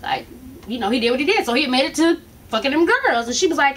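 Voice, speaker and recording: A woman's voice: high-pitched, very animated, a little fast, a bit bright. A woman hosting a casual gossip recap of a reality show, telling the story animatedly and acting out the quotes. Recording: distant mic with faint noise.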